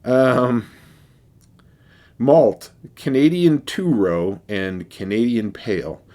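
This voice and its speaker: A man's voice: mid-range voice, takes it slowly, darkish tone. A man casually reviewing a beer for his vlog, rambling and wry, with many fillers and restarts.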